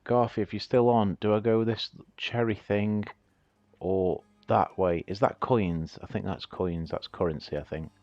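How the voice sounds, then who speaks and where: A man's voice: lowish voice, fairly even intonation, measured pace, a little mellow, no echo, highs cut off. A man chatting casually and laughing often while he plays a game on a livestream. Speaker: streamer playing the game. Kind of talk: casual gaming livestream chat.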